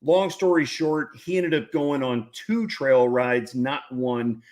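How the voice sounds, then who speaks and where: A man's voice: medium pitch, takes it slowly, darkish tone. A man, a ranch founder telling a story as an interview guest in a folksy, jokey way. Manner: folksy, jokey, laughs often.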